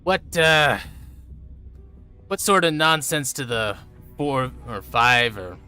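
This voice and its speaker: A man's voice: mid-range voice, animated, slow, pushed and bright, clean tone, soft background music. A man in his thirties running a tabletop game, chatting and joking casually with his players. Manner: chatty, jokey, rambling. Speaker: game master.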